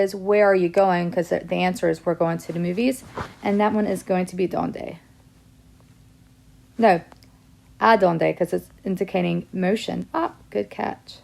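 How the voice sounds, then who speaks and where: A woman with a slightly gravelly edge to her voice walks her students through a Spanish lesson. She reads example sentences in English and Spanish and explains each answer in turn, at a middling pitch. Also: a little mellow. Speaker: Spanish teacher. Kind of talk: classroom lesson video.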